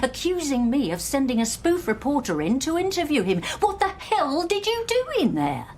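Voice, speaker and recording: An actress playing a cross woman who scolds a food writer in a sharp manner. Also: high-pitched, wildly swooping pitch, moderate pace, slight background noise. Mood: angry scolding.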